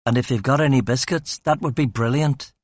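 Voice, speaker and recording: A man's voice: medium pitch, steady tone, a little fast, no echo, close to an everyday voice. A man voicing a blunt, wry male police detective in an audiobook reading. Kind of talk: audiobook character voice.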